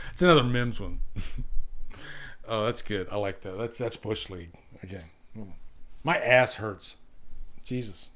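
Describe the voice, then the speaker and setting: In a casual livestream chat, a male host with a lowish voice and lively intonation speaks slowly, leaving long pauses. He rambles, reads out jokes with frequent chuckles, and drifts between loud and hushed.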